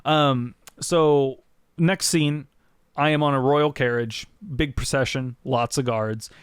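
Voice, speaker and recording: A man's voice: mid-range voice, fairly even intonation, takes it slowly, clear, resonant tone, no echo, clean studio sound. A man casually recapping a role-play episode on a podcast, rambling with lots of fillers.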